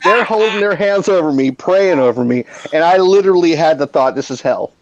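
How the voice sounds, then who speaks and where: A man's voice: a little high, a little fast, lo-fi sound. Man telling a story casually. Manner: animated, swearing storyteller. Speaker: live stream co-host.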